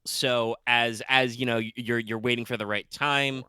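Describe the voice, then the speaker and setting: A man's voice: mid-range voice, fairly even intonation, moderate pace, sharp tone, smooth, dry recording. A man narrating a tabletop game as game master, rambling and playful with many fillers.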